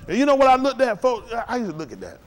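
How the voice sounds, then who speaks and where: In a house of worship, a man delivers a fiery call-and-response sermon in a high, soaring voice with huge, constant pitch leaps and plunges. Talking rapid-fire, he swings from shouted peaks to hushed, intense murmurs. His folksy, repetitive cadence builds up and then falls away.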